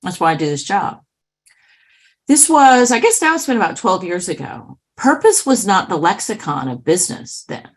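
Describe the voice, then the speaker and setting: Woman author, animated storyteller, husky lower voice, conversational. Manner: lively, animated storyteller with asides. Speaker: author and keynote speaker.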